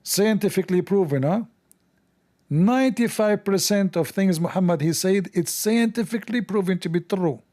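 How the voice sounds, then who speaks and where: A man hosting a casual commentary video, sarcastic, animated and mocking. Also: high-pitched, normal speed. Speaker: host.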